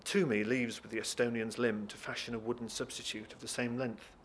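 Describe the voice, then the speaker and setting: A man's voice: lowish voice, moderate pace, few pauses. Man reading a novel aloud expressively. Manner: lively expressive reading, talks briefly to listeners. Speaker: reader.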